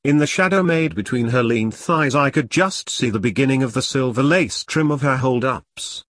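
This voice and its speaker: A man narrating a first-person detective novel in a wry, deadpan, self-mocking way. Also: medium pitch, moderate pace, dry recording, studio quality. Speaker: audiobook narrator.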